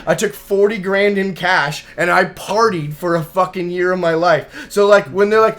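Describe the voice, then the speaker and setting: A man's voice: high-pitched, normal speed, few pauses, fairly bright tone. A man talking casually in an interview, brash and profane, telling hyped stories with bursts of laughter. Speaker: battle rapper guest.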